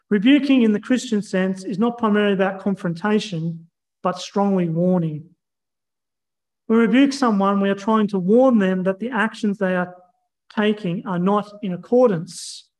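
An earnest male preacher with a notably high voice. He teaches in a measured way and reads scripture aloud as he goes. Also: a little mellow, poor audio. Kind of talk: sermon.

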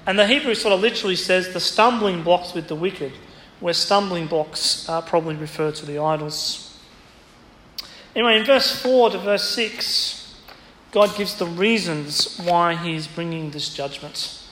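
A man's voice: high voice, measured pace, fairly bright tone, a little hiss or hum. A man preaching an expository sermon in a church, teaching through a Bible passage and quoting it with emphasis. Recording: echoey church hall, faint ambience.

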